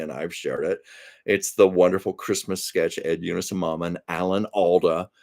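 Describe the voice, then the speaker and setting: A man's voice: sits low, vocal fry. A man hosting a casual live stream, telling stories in a chatty way, laughing often and drifting into asides. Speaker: host. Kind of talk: casual storytelling chat.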